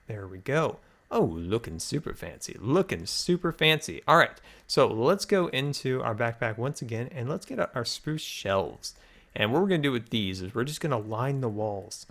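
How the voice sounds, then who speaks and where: This man, with a medium-pitched and somewhat bright voice, hosts a Minecraft let's play. He chats upbeat and thinks aloud as he builds, sounding a little out of breath.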